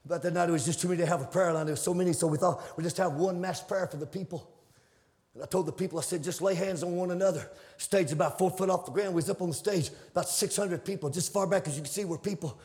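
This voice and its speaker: A man preaching with real fervor, his voice pitched high with a gravelly edge. He tells his stories in a folksy, conversational way, then builds to shouted peaks. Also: quick pace. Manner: fervent, rising to shouted climaxes. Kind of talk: sermon.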